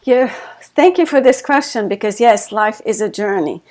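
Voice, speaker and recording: A woman's voice: a little high, normal speed, darkish tone. Woman with a German accent, reflective. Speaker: guest author. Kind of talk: interview storytelling.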